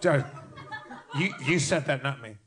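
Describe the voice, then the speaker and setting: A man's voice: mid-range voice, a crowd in the background. A man co-hosting a live comedy podcast, telling stories in stuttering bursts and swearing freely. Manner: fast, stuttering, profane storytelling. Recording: live show with loud audience.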